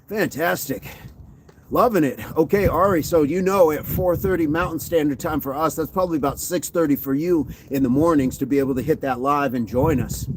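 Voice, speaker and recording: Brief: playful male livestream host, voice slightly on the high side, jokes with and greets viewers by name. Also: a little hiss or hum. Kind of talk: casual livestream chat reading comments.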